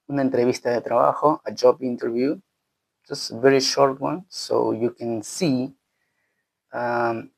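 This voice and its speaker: A man with a gravelly, creaky voice at a middle pitch teaches Spanish greetings in English. His first language is Spanish, and he talks loosely and conversationally, restarting phrases and checking in with "right?" as he goes. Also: rough recording. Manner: loose and conversational, full of restarts and tag questions. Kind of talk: casual language lesson.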